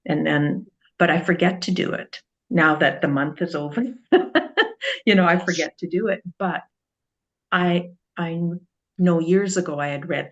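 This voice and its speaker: Gravelly reflective casual speaker. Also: mid-range voice, fairly even intonation, measured pace, a bit bright. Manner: reflective, trails off and restarts often. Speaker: group member sharing experience. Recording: dull lo-fi sound.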